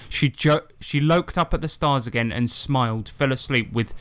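A man reads fan fiction aloud for a comedy podcast in a smooth, clean voice. He breaks off often with sarcastic, exasperated remarks and swearing. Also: medium pitch, unhurried, few pauses, fairly bright tone. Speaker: podcast co-host.

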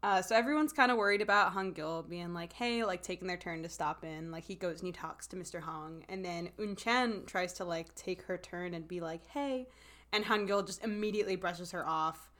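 A woman's voice: fairly low pitch, moderate pace, fairly bright tone. A woman co-hosting a casual chat, giggling often and rambling with lots of "like". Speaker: podcast co-host.

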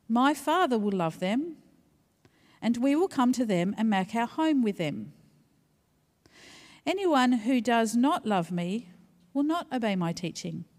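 A woman reading a Bible passage aloud in church, slow and measured. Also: on the high side, darkish tone. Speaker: scripture reader. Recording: church hall reverb.

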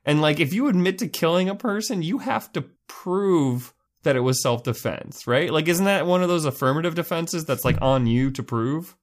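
A podcast co-host talking in quick casual chat, full of "like"s. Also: medium pitch, expressive. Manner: quick, filler-heavy chatter with many "like"s.

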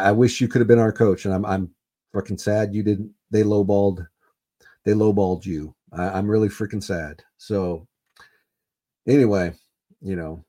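A man with a lowish, mellow voice hosts a solo sports podcast, rambling through a casual rant. He swears, repeats himself, and leans heavily on filler words.

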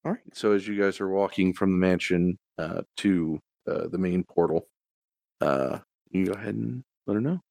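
A man's voice: deep voice, normal speed, vocal fry, a little mellow, dry recording, studio quality. A man running a tabletop game as game master, narrating hesitantly with many fillers.

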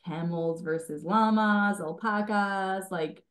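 A woman interviewer who speaks slowly, reacting with enthusiasm and lots of "like" and "oh my gosh". She sounds relaxed and easygoing as she asks her questions. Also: medium pitch. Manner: enthusiastic listener, many "oh my gosh" and "like". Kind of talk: casual interview chat.

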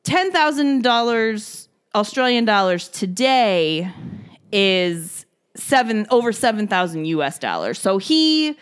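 A woman's voice: mid-range voice, big pitch swings, slow pace, clear, resonant tone. A woman co-hosting a casual podcast, recapping a movie with laughter and swearing, acting out the characters' lines. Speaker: podcast co-host.

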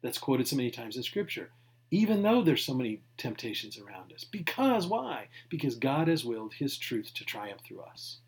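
A man's voice: medium pitch, very animated, moderate pace. A man, a pastor, preaching a sermon in a conversational way, stressing key words and dropping to near-whispered asides. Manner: emphatic, swinging from loud to near-whispered asides; conversational, with restarts and small laughs.

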